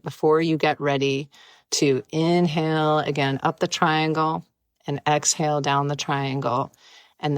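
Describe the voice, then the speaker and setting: A woman with a low, grounded voice leads a guided breathwork session in an easy, playful way. She talks listeners through each inhale and exhale without hurrying. The sound is dry, with no room around it. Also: no echo. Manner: gentle, playful, unhurried guidance. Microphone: close mic, live stream.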